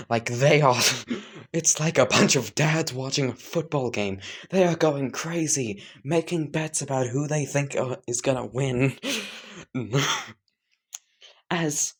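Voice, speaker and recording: A man narrating an improvised fan story at a slow, unhurried pace. He talks casually, chuckles often, and stops to correct himself mid-sentence. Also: mid-range voice. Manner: chuckling, casual, self-interrupting.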